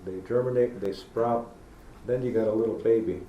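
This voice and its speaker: A middle-aged man speaking publicly in a university lecture hall shares folksy stories and demonstrates how he addresses kids. His voice is lowish with fairly even intonation at a moderate pace. The recording is muffled, echoey and carries faint noise.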